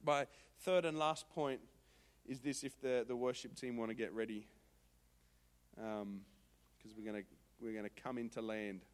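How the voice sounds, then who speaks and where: A man's voice: medium pitch, moderate pace, pauses often. A man in his thirties preaching a sermon, telling a story animatedly and acting out the voices he quotes. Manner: animated, acts out quoted voices, rising to loud exclamations. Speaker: pastor.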